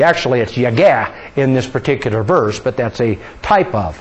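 A man's voice: mid-range voice, expressive, normal speed, few pauses, husky, low-quality recording. A male pastor preaching a sermon in a church, conversational, with many rhetorical questions. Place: church sanctuary.

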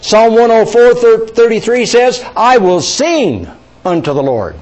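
Animated male pastor teaching a sermon. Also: high-pitched. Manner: asks the congregation questions and repeats key words; stretches scripture quotes out slowly.

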